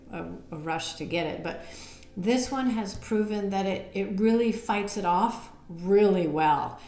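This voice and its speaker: A woman's voice: medium pitch, echoey room. A woman nutrition coach giving casual on-camera health advice, chatty, with many fillers and laughs at herself. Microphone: camera mic.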